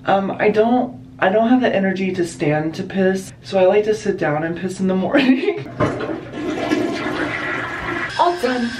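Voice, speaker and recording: A man's voice: high-pitched, expressive, unhurried, pauses often, darkish tone, a little hiss or hum. A young man filming a casual vlog at home in his bedroom and bathroom, talking in a sarcastic, self-mocking and dramatic way. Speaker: vlogger.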